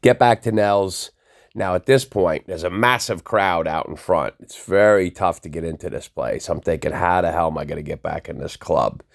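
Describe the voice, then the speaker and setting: A man telling a personal nightlife story in a casual, animated way, acting out the voices of people he quotes. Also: deep voice, normal speed, vocal fry.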